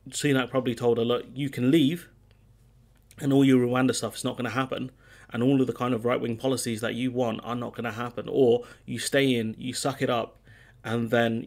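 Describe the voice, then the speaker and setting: A man hosting a political commentary channel, talking casually and reading out quotes, with frequent ums and dry sarcastic asides. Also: mid-range voice.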